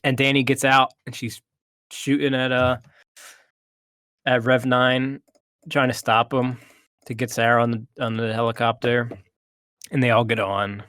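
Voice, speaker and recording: A man's voice: mid-range voice, level tone, unhurried, pauses often, fairly bright tone, smooth, dry recording. Male co-host, casual movie talk, hesitant retelling, dry sound. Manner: retells plot with hesitations and restarts. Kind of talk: casual chat.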